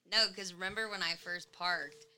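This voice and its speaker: A young woman from New York hosting a casual chat, an animated storyteller who laughs often. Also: on the low side, a little slow, a little hiss or hum. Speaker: podcast host.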